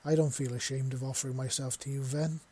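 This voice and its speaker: A man voicing a devoted, affectionate young human man, talking softly in a husky voice. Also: medium pitch, fairly even intonation, fast talker, natural voice. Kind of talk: audio story reading.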